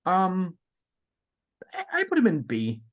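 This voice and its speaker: Lively-voiced podcast co-host man. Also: high voice, slow. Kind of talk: casual chat.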